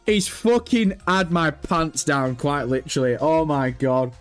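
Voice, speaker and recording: A man's voice: on the high side, unhurried, soft background music. A man chatting casually on a gaming news livestream, swearing freely and breaking into helpless laughter.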